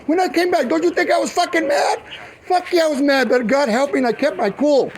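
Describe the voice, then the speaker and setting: A man's voice: very high voice, steady tone, brisk. A man giving police a rambling, profane, agitated account of a family dispute. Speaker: family member speaking to police.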